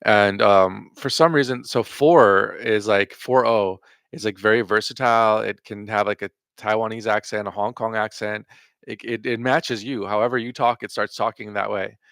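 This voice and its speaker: A man's voice: fairly low pitch, steady tone, moderate pace, fairly bright tone, dry recording, studio quality. A man hosting reaction commentary, answering clips with profane, sarcastic rebuttals.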